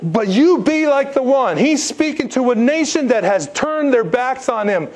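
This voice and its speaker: A man preaching a sermon, emphatic and animated, posing rhetorical questions to his listeners and slipping into stories. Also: very high-pitched, unhurried, a faint crowd. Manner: animated storytelling with asides. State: congested, needing tissues. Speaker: pastor.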